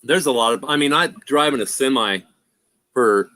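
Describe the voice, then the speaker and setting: A middle-aged man with a bright, forceful voice hosts a home livestream. He rambles through road stories, peppers his talk with "freaking" and laughs often. The delivery is loose and chatty. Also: medium pitch, moderate pace. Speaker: livestream host. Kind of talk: casual chat and storytelling.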